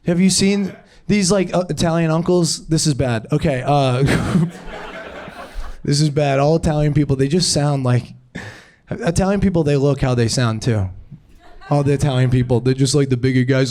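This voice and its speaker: A man's voice: fairly high pitch, moderate pace, a little mellow. A young man doing improvised stand-up on a comedy club stage, rambling and giggling at his own jokes.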